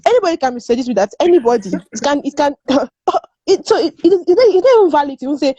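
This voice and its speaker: A woman's voice: high voice, sing-song, racing, warm tone, no room sound, muffled recording. A woman from Nigeria, speaking as a guest in a casual discussion. She is emphatic, repeats words and laughs often. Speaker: guest panelist.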